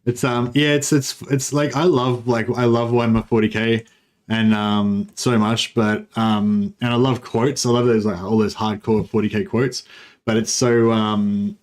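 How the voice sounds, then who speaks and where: A man's voice: mid-range voice, level tone, a little slow. A young Australian man giving rambling, laid-back commentary while streaming a strategy game, full of fillers. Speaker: gaming streamer. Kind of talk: casual livestream commentary.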